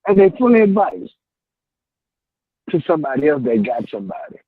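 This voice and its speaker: Over a phone line from a warehouse, a man calls in to a morning radio talk show for casual chat. He is animated, laughs often and cries out to the Lord with preacherly exclamations. His voice is fairly high and brisk, with no room sound.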